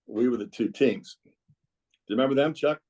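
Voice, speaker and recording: A man's voice: mid-range voice, brisk, darkish tone, husky. A man, a former club basketball coach, telling rambling stories in a casual podcast conversation. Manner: rambling, reminiscing storyteller.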